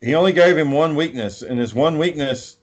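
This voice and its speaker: A man's voice: a little high, brisk. A man hosting a podcast, telling long, profane, rambling stories in casual chat. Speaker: podcast host.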